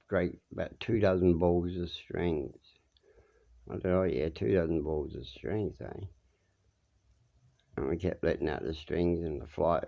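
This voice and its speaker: A man's voice: deep voice, gravelly, muffled recording. A man telling meandering, jokey stories in a rambling monologue, drifting from one tale to the next. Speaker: monologue speaker. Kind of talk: rambling storytelling.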